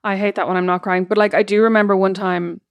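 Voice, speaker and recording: A woman's voice: medium pitch, little pitch movement, creaky, clear, resonant tone, no echo, dull audio. A woman co-hosting a podcast in casual chat, chatty and full of fillers. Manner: chatty, quick, lots of fillers. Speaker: podcast co-host.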